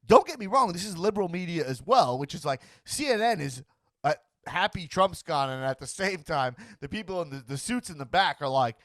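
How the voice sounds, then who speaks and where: A man's voice: a little high, expressive, a little fast, fairly bright tone, no echo, clean studio sound. A man hosting a casual talk show, rambling with lots of restarts and stammered repeats, and acting out other people's voices in the middle of his sentences. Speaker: podcast host. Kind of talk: casual chat.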